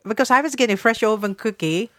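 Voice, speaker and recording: A woman's voice: on the high side, quick pace, a bit bright, dry recording, clean studio sound. A woman co-hosting a casual chat show, giggly and scattered, with non-native phrasing. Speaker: co-host.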